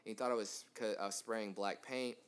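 A man in his twenties telling a rambling, animated story in casual podcast chat, full of fillers. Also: on the low side, brisk, clear, resonant tone. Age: 20s. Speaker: podcast host.

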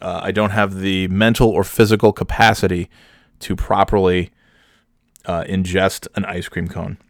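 A man's voice: low-pitched, level tone, normal speed, no room sound, clean studio sound. A man telling a rambling comic story about himself, self-mocking and swearing freely. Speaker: comedian storyteller.

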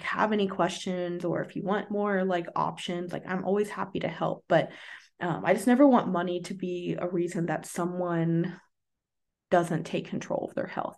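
An earnest woman health coach talks through her solo podcast in a loose, chatty way, leaning on fillers. Her voice sits at an ordinary middle pitch, and her tone stays encouraging throughout. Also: darkish tone. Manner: encouraging, with light laughs. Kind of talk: casual solo podcast talk.

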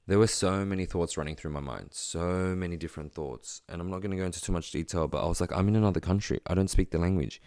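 Very deep, gravelly man telling a story. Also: no echo, clean studio sound. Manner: quiet, halting, reflective delivery with pauses and fillers. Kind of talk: personal storytelling.

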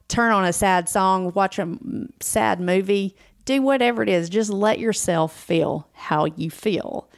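A woman's voice: mid-range voice, dry recording, clean studio sound. A woman co-hosting a casual chat, talking earnestly and encouragingly, repeating phrases for emphasis. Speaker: podcast co-host.

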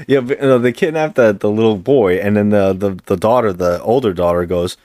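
A man's voice: lowish voice, brisk, darkish tone, dry recording, clean studio sound. A man co-hosting a podcast, retelling a movie's plot casually with rambling restarts. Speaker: podcast co-host. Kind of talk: casual movie recap chat.

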